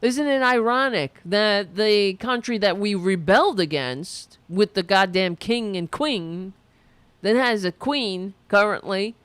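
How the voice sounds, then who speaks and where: A woman's voice: medium pitch, slow, fairly bright tone, smooth, no room sound. A woman hosting a political commentary show, delivering a profane, sarcastic, heated rant.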